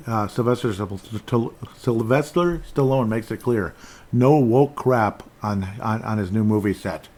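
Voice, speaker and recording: A man with a somewhat low voice talks through news items on his own show. He rambles, trips over his words and restarts, and drops dry, sarcastic remarks between points. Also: a little mellow, slight background noise. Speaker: podcast host. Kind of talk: casual solo commentary on headlines and chat comments.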